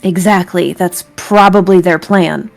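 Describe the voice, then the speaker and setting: A woman's voice: fairly low pitch, fairly even intonation, unhurried, gravelly, faint music behind. Woman player at a tabletop game. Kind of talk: casual tabletop game play.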